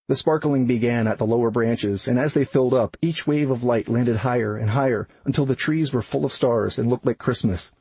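A man narrates an audiobook in an even, unhurried way. His voice is very husky and breathy, at a middle pitch. The sound is dry and close. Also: dry recording, rough recording.

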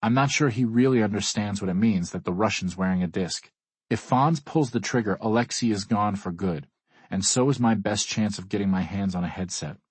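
A man's voice: lowish voice, fairly quick, slightly rough, no echo. A man reading a first-person audiobook in a wry, dry way. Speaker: audiobook narrator. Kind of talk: scripted first-person narration.

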